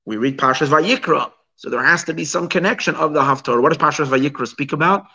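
A man's voice: on the high side, fast talker, pushed and bright, slightly rough, highs cut off. A man teaching a text study class, asking rhetorical questions and mixing Hebrew and Yiddish terms into his English explanation. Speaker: Torah teacher.

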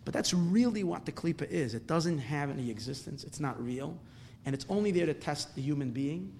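A religious teacher telling a tale as a lesson, with animated, repetitive phrasing that swells louder at dramatic moments, then closing with a blessing. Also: male voice, on the high side, slight background noise. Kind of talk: storytelling lesson ending in a blessing.

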